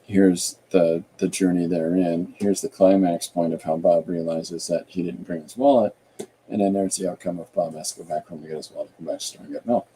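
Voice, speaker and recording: Gravelly low-voiced man thinking aloud. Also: fairly quick, slight background noise, poor audio. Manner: thinking aloud, rambling and relaxed; reads viewer comments aloud. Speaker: artist and podcast host. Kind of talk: casual livestream chat while drawing.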